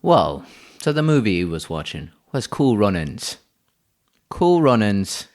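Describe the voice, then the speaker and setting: A man co-hosting a casual podcast, spinning an improvised tale. His voice sits low, yet it rises and falls a great deal as he talks. He rambles, doubling back and restarting his sentences. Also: very animated, measured pace, a little mellow. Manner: rambling, restarts, frequent laughter. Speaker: podcast co-host telling a story.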